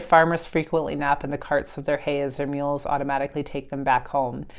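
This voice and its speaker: A woman with a deep, low voice talks her viewers through a tarot reading in an easy, casual way. She is blunt and plain-spoken, and doesn't mind a curse word. When she reads a passage aloud, she slows into a calm, measured delivery. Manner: blunt and frank, swears casually. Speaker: tarot reader. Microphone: clip-on mic.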